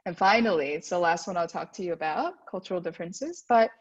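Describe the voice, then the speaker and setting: Fast, animated, and husky, this woman's voice runs on the low side. She's an American guest speaker giving a presentation to school parents, often asking "right?" and acting out quoted voices. The audio has a dull, lo-fi quality.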